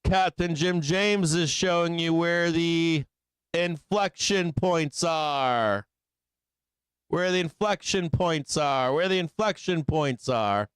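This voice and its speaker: A man hosts a live trading show, casually talking through chart analysis and tossing out rhetorical tag questions. His voice is a little high and clean, his pace slow, and there's no echo.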